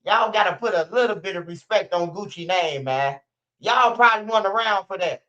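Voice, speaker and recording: A man's voice: high-pitched, expressive, moderate pace, pushed and bright. A man from Chicago with a Chicago accent, hosting a livestream and giving blunt, profane street-talk commentary. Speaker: livestream host. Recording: muffled lo-fi stream audio.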